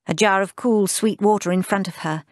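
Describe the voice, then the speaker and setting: A woman narrating a literary audiobook in a measured, lyrical, unhurried way. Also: mid-range voice, no room sound, studio quality.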